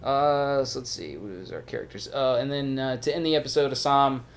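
A man chatting loosely about a TV episode as a podcast co-host, in a middle-pitched voice. He rambles with plenty of fillers and swearing, and keeps acting out the characters' lines. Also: brisk. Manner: rambling, profane, full of fillers and acted-out quotes. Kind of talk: casual TV-recap chat.

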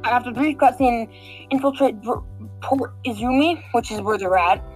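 A woman's voice: a little high, moderate pace, soft background music, low-quality recording. A woman guiding listeners through a game mission in casual, rambling chat, full of fillers and restarts. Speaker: game walkthrough guide.

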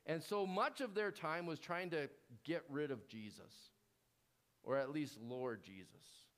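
A male pastor giving a sermon in a conversational style, with fillers and restarts, dropping low and quiet to stress key words. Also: lively intonation, a little slow.

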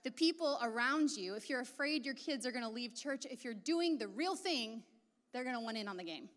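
Woman, high voice, casual sermon, chatty asides, long hall reverb. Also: expressive, a little fast. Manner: casual and chatty, many asides and filler words. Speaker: preacher.

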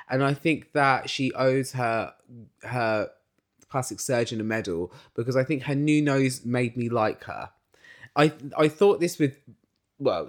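A young man chatting through a recap on his podcast, blunt and opinionated. His pitch sits in a middle range but swings a lot, with playful acted-out quotes between his asides. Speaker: podcast host. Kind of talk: casual opinionated recap chat.

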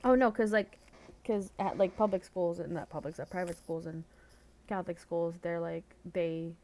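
A woman's voice: on the low side, fairly even intonation, normal speed, darkish tone. A woman from the Philippines co-hosting a podcast, chatting casually and filling her sentences with "like" and restarts. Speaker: podcast co-host. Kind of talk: casual chat.

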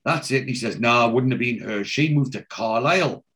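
A man's voice: mid-range voice, a little fast, fairly bright tone. A man chatting casually as a podcast host, retelling scenes and reading out characters' lines with plenty of ums. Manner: reads out character lines in a plain retelling voice, many fillers. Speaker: podcast host recapping a TV episode.

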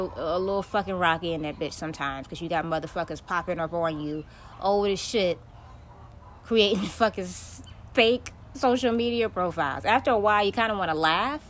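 A podcast host vents in a solo monologue that is emphatic and full of profanity. Her voice sits at a medium pitch, with a little hiss or hum in the recording.

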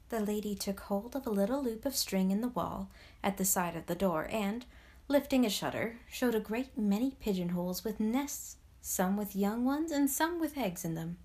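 A woman from Canada hosting a podcast, reading a story aloud in a gentle, soothing, measured way. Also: mid-range voice. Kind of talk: bedtime story narration.

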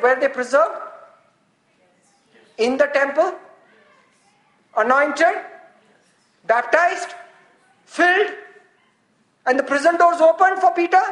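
Woman preacher, high voice, animated, roomy echo. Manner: animated, laughs often, rises to shouts. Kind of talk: sermon.

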